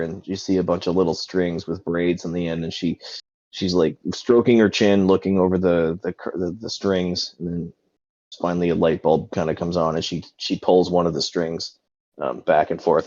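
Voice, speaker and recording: Deep-voiced casual game master. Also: male voice, steady tone, normal speed, darkish tone, no echo, lo-fi sound. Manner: casual, loose, filler-heavy narration. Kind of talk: narrating a tabletop game.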